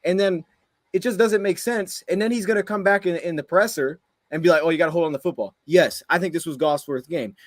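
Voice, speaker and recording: A man rants after a game at a rapid clip, his voice sitting a little high as he stacks one exasperated rhetorical question on another. The sound is dry and close, with no room around it. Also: steady tone, no room sound. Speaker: sports podcast co-host. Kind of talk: heated post-game rant.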